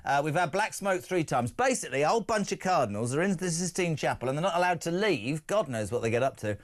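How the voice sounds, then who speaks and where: Male phone-in host, high voice, brash and jokey, opinionated banter. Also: animated, fast. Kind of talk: lively radio phone-in chat.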